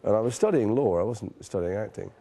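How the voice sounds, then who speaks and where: Man, northern English accent, forties, deep-ish mellow voice, candid self-deprecating interview anecdotes. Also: lively intonation, a little fast. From northern England. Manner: frank, self-deprecating storytelling with casual swearing. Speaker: actor being interviewed.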